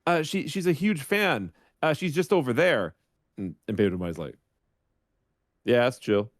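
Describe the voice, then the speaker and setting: The guest streamer, fairly high-pitched and brisk, animatedly relates a funny story on a podcast and performs the voices of its characters. The sound is clean studio audio with no echo.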